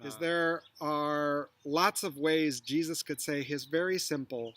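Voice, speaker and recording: A man's voice: on the high side, fairly even intonation, measured pace, fairly bright tone, no room sound. A middle-aged man teaching biblical storytelling, trying out lines with different emphasis. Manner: tries out phrasings with varied emphasis. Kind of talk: storytelling lesson.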